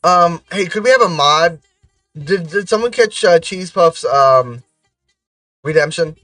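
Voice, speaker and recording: A man's voice: a little high, expressive, a little slow, pushed and bright, dry recording, recorded from a distance, soft background music. A man chatting casually on his livestream, rambling to his chat with lots of fillers.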